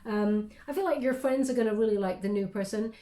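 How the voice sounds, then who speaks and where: Soft-spoken woman giving a tarot reading. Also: medium pitch, fairly quick, echoey room. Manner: gentle, hesitant, many ums, thanks her spirit guides. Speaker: tarot reader.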